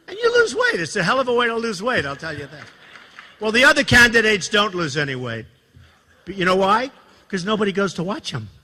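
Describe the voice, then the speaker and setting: A man in his sixties gives a rambling campaign speech to a crowd, repeating himself and tossing questions at the audience. His voice is high and very bright, and his pitch swings widely. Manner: boastful, repetitive, digressive, asks the crowd questions. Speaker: campaign speaker. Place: event hall with audience.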